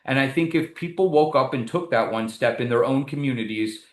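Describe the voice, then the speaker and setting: A man speaking as a guest in an interview, an animated and emphatic storyteller. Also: medium pitch, a little fast, echoey room. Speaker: guest, community advocate. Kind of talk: conversational interview.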